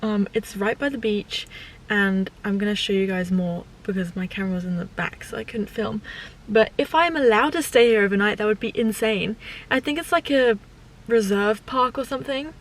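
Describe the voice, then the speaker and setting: A young woman talking casually to her camera in a vlog, chatty and excitable. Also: mid-range voice, normal speed, poor audio. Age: young adult. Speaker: vlogger. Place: van and outdoors. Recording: loud background music.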